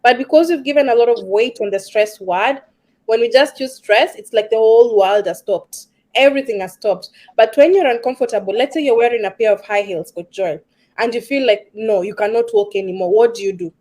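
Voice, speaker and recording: A woman's voice: fairly high pitch, a little fast, darkish tone. A woman with an East African accent, a stress management coach in a casual discussion, talking earnestly with some ums and repeated words for emphasis.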